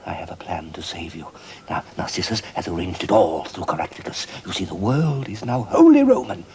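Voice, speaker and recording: An actor playing an aging Roman emperor and father in a 1970s television period drama, speaking earnestly and haltingly. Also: lowish voice, huge pitch swings, a little mellow, slight background noise. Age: older.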